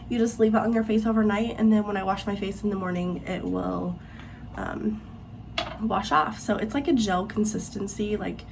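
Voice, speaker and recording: A woman's voice: on the high side, gravelly, a little mellow, a little hiss or hum. A young woman from Missouri, talking casually and rambling a bit as she vlogs at home, filmed on a phone propped in her bathroom. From Missouri, USA. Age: 20s. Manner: chatty, rambling with many fillers. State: out of breath. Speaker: vlog host. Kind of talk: casual vlog voice-over and talking to camera. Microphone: phone propped in a cabinet.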